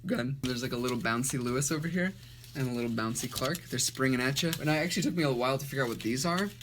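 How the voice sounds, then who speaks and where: A man's voice: medium pitch, fast, noisy background. A man giving casual, self-mocking commentary as he flips through his childhood drawings, with sarcastic asides and frequent laughs.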